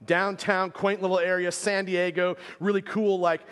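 In a church sanctuary with long hall reverb, a pastor in his thirties preaches a sermon. His voice is high, a bit bright and clean, with a flat delivery at normal speed, and he tells a story in a casual, rambling way full of filler words.

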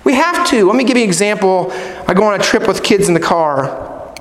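A middle-aged male pastor preaching a sermon, swinging from loud emphatic points to low, soft prayer. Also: lively intonation, a little fast. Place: church hall. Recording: echoey church hall.

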